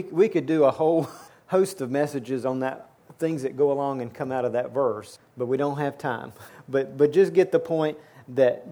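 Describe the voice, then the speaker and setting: A man's voice: fairly high pitch, mellow. A man preaching a sermon to his church, earnest and repeating words as he builds his points. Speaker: pastor.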